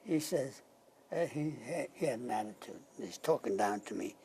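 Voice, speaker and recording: A man in his nineties, a war veteran, telling stories from his past in an interview and sometimes dropping to a hush. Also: mid-range voice, expressive, a little hiss or hum. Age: 90s. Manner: slow anecdotal storytelling, dropping to a hush at key moments. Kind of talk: reminiscing in an interview.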